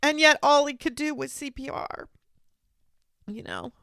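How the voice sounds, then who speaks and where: A woman hosts a podcast interview, offering gentle, supportive replies. Her voice is high and bright with a forward edge. The sound is dry and close. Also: steady tone, measured pace, vocal fry, no echo. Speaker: podcast host.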